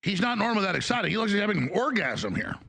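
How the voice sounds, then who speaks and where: A man's voice: high-pitched, sing-song, rapid-fire, creaky, pushed and bright, husky. A man who is a guest on a talk show, speaking in rambling, fragmented sentences. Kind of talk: casual political chat.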